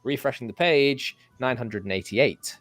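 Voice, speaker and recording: A man's voice: medium pitch, moderate pace, fairly bright tone, no room sound. A man hosting his own livestream in casual chat, playfully keeping his guests in order. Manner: playful, bossy moderator. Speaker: livestream host.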